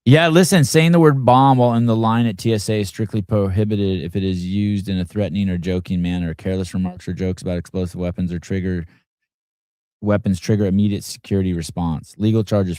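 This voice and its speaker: A man co-hosting a podcast in casual chat, teasing and deadpan. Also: low-pitched, quick pace, clear, resonant tone, no echo, clean studio sound.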